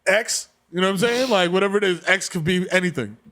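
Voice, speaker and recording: A man co-hosting a comedy podcast, telling stories in a profane, animated way. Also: sits high, fast. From the Bronx, New York. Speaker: podcast co-host. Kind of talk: casual comedic chat.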